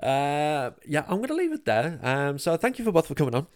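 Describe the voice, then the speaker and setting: A man's voice: fairly high pitch, huge pitch swings, brisk, dry recording, clean studio sound. A man with a northern English accent hosting a casual podcast chat, self-deprecating and full of ums. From northern England. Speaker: podcast host.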